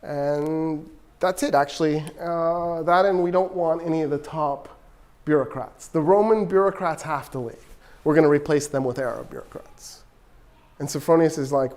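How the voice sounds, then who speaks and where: A male political science professor from Texas tells history as a lively story and acts out the characters' dialogue. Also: fairly high pitch, normal speed. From Texas, USA. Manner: animated, acts out quoted dialogue. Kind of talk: storytelling lecture.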